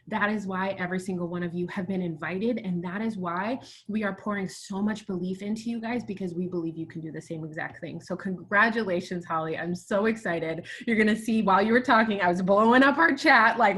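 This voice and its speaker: A woman's voice: mid-range voice, normal speed, fairly bright tone. A woman who leads a sales team, hosting a motivational group call with emphatic, emotional encouragement.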